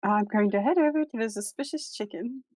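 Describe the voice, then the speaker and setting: A woman playing in a tabletop game, chatting and joking in an animated way. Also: on the high side, fairly quick, dry recording. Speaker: player. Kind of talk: casual chat during a tabletop game.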